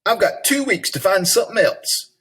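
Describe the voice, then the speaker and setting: A man reading as a worried, husky working mother. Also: high-pitched, expressive, normal speed, fairly bright tone, pitched above the performer's own voice, exaggerated voice. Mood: worried, earnest. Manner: earnest, read aloud from a storybook.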